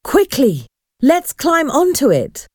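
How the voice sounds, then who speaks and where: A terrified young man who cannot swim, pleading and panicking, as a woman narrator acts him out. The voice rides high with lively swings, in a dry storybook reading. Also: slow pace, no echo, full character voice. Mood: shaken.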